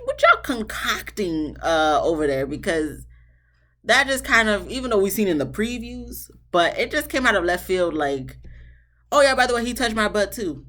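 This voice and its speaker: A woman hosts a casual reality TV recap. She is sassy and animated, and she fires questions back at the people on screen. Her pitch swings widely and with energy.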